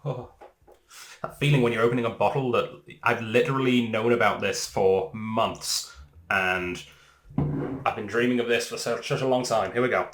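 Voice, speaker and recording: A man with an English accent, hosting a casual whisky tasting vlog in an excitable, enthusiastic way. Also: lowish voice, moderate pace, background noise. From England. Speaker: whisky reviewer.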